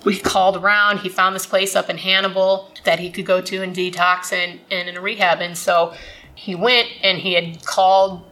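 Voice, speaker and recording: A woman's voice: fairly low pitch, flat delivery, normal speed, pushed and bright, low-quality recording. A woman, candidly telling her recovery story in a rambling way, full of fillers and restarts.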